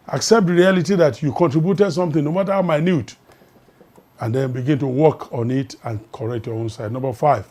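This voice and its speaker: An older man, a life coach and pastor, giving a recorded motivational teaching talk. He speaks emphatically, slows down and pauses on stressed words, and repeats key phrases. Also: fairly high pitch, warm tone.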